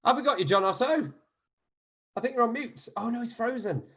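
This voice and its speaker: Lively man hosting a video call. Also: very high-pitched. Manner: upbeat, playful, quick to laugh. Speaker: host and director. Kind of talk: casual live-stream cast introductions.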